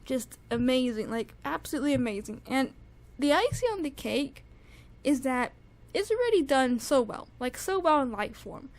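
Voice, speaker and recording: A woman casually reviewing her favorite songs, gushing with fangirl enthusiasm and rambling with lots of fillers and repeats. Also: moderate pace. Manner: shrieks high with excitement at times. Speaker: music reviewer. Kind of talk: casual solo music review.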